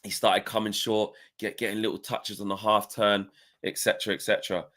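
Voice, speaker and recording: A man's voice: on the low side, flat delivery, fairly quick, a bit bright. A man co-hosting a casual football fan podcast, rambling through his points with lots of "you know" asides.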